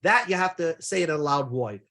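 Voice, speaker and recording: High-voiced man teaching Talmud. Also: animated, a little fast, pushed and bright. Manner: explains step by step, casual asides; freely mixes in Hebrew and Aramaic terms. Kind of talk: daily Talmud lesson.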